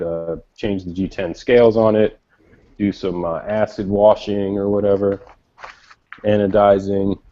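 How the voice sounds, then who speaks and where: A man's voice: lowish voice, mellow. A man co-hosting a casual podcast chat, rambling with enthusiasm and plenty of swearing. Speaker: podcast co-host. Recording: dull lo-fi sound.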